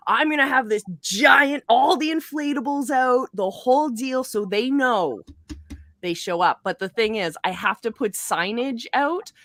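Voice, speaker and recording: A woman hosting a casual chat show, telling stories in an animated way. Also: a little high, no room sound, clean studio sound. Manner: animated storyteller, acts out voices. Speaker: show host.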